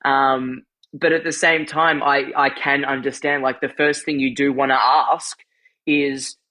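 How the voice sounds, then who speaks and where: A man's voice: mid-range voice, flat delivery, unhurried, sharp tone. A man co-hosting a podcast in casual conversation, telling stories animatedly, acting out quotes and laughing often. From European family background. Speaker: podcast co-host.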